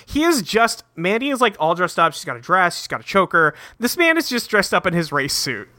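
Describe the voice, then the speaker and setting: A man co-hosting a casual podcast, recapping a cartoon episode in a profane, joking way and tossing in quick quoted lines. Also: high-pitched, big pitch swings, bright, forceful tone. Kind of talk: casual chat.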